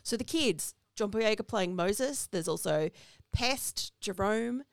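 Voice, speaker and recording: A woman's voice: mid-range voice, animated, takes it slowly, creaky, dry recording, studio quality. A woman co-hosting a podcast, chatting casually as she recaps a film's plot. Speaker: podcast co-host. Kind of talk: casual movie discussion.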